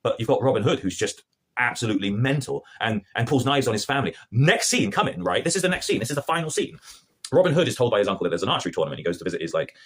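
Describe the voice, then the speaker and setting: Male reviewer, sarcastic and animated, quick husky delivery. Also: mid-range voice. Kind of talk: casual review rant.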